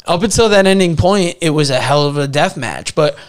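A man's voice: a little high, lively intonation, a little fast. A man co-hosting a casual wrestling podcast, teasing his partner with dry, sarcastic asides. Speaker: podcast co-host.

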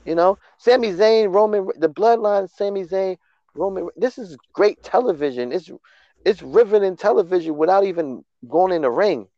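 A man hosting a casual wrestling recap podcast, excitable and full of restarts. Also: high-pitched, normal speed, no room sound, muffled recording. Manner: excitable, repetitive, stumbling restarts. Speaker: podcast host.

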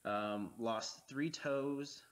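A man in his thirties co-hosting a movie commentary podcast, telling absurd jokes in a deadpan way. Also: mid-range voice, extremely slow. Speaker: podcast co-host. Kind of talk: casual movie commentary chat.

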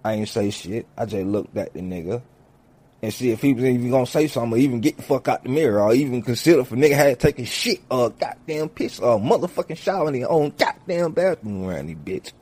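A man's voice: medium pitch, quick pace. A man telling a comic story full of swearing, acting out each character as he goes. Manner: swears heavily, animated, acts out each character. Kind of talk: profane comedic storytelling.

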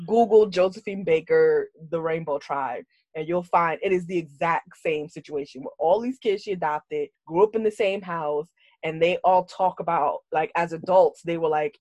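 A woman's voice: on the low side, normal speed, a little mellow, no room sound. A woman co-hosting a podcast in casual chat, talking bluntly and swearing freely as she tells her thoughts with animation. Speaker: podcast co-host.

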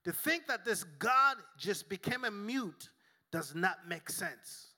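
In church, a male pastor preaches slowly with a bright, forceful voice pitched a touch higher than most men's, his intonation lively. His sermon is emphatic and humorous, with jokes and calls for the congregation to respond.

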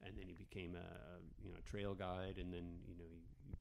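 A man from Canada talks as a comedian guest on a podcast. His voice sits a little low, and he tells his stories in a loose, rambling way, often restarting his sentences. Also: normal speed, gravelly, slight background noise. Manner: rambling, animated storyteller with frequent restarts. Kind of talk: casual podcast storytelling.

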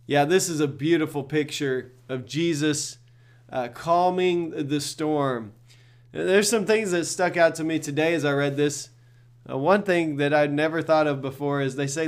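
A man's voice: fairly high pitch, measured pace, clean tone. A middle-aged male pastor giving a devotional talk in an earnest, conversational way, often repeating words as he thinks.

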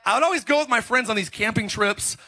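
A middle-aged man preaching a sermon as pastor, telling stories in an animated, joking way. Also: very high voice, quick pace. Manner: animated, joking storytelling with laughs.

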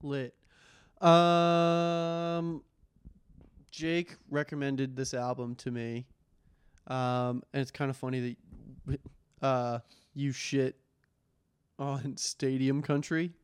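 A man's voice: medium pitch, level tone, extremely slow, pauses often, clean tone, no room sound. A man co-hosting a podcast in casual chat, laid-back and chuckling between remarks. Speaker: podcast co-host.

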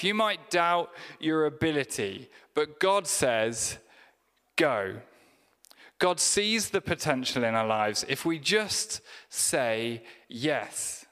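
A man's voice: fairly high pitch, a bit bright, clear, resonant tone. A man preaching a sermon, in a conversational, humorous storytelling manner. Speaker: pastor. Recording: echoey church hall reverb.

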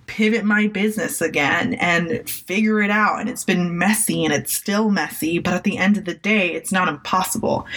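A woman's voice: fairly low pitch, a bit bright. A woman hosting a solo motivational podcast as a life coach, speaking in an earnest, encouraging and candid way as she tells personal stories.

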